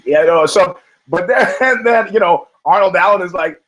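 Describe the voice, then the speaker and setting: A podcast host, a man whose voice sits a little on the high side. He talks in loose, profane banter, restarting sentences and breaking into laughter between phrases. It is unscripted, casual chat. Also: moderate pace, fairly bright tone, low-quality recording.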